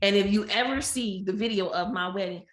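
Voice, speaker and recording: A woman guest on a podcast, telling a personal story candidly and acting out quoted dialogue with lively shifts of voice. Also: mid-range voice, brisk. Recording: roomy echo.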